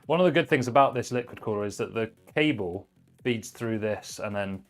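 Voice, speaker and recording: A man's voice: fairly low pitch, a little fast. Man, casual live-stream chat, easygoing and chatty, faint background music. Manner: chatty, relaxed, reads chat messages aloud while working. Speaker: livestream host building a PC.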